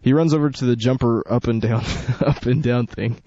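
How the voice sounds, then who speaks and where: A man's voice: mid-range voice, fairly even intonation, normal speed, mellow, no echo. Young radio host guy rambling through a story, dead dry lo-fi sound, faint music under. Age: young adult. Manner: rambling, joking, self-correcting. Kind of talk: casual radio chat and reading a story.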